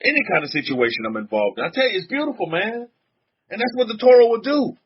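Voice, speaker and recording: A man's voice: high voice, sing-song, fast, breathy edge. A man, a rabbi, giving an informal sermon in a chatty, repetitive way, often chuckling and speaking straight to his congregation. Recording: dull lo-fi recording.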